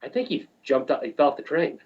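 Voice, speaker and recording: A man's voice: mid-range voice, sing-song, quick pace, dull audio. A man from New Mexico who works on film crews, telling profane, rambling anecdotes in a casual interview. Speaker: film crew lighting technician, guest.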